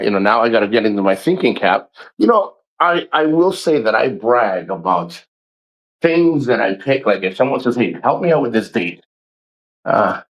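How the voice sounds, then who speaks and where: A man's voice: mid-range voice, rough recording. A middle-aged man chatting casually in a vlog, rambling and retelling a conversation with his family. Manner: rambling, repeats himself, retells dialogue. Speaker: vlogger.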